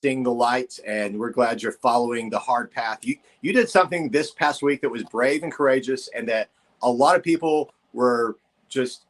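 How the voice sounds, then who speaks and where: A man's voice: medium pitch, normal speed. A man hosting a casual podcast chat, asking earnest and mock-incredulous questions. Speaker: podcast host.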